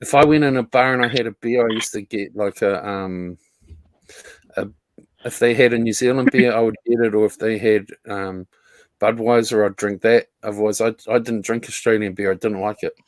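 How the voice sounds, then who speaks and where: A man's voice: fairly low pitch, fairly even intonation, moderate pace, no room sound. A man in casual chat on a stream, rambling and filler-heavy, swearing offhandedly as he talks.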